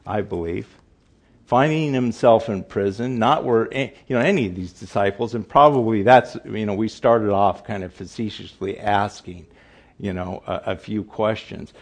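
An older man giving an informal Bible teaching, repeating his points for emphasis and often restarting his sentences. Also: on the low side.

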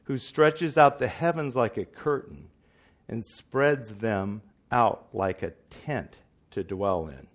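Guy giving a sermon at a church meeting, lowish voice, earnest, keeps asking the room questions. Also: takes it slowly. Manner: earnest, emphatic, asks the audience questions. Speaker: preacher.

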